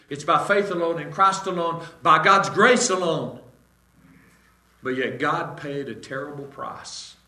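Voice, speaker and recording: An American man preaching a sermon in a folksy, dramatic way, swinging from loud emphasis to hushed tones. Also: on the high side. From United States. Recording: echoey room.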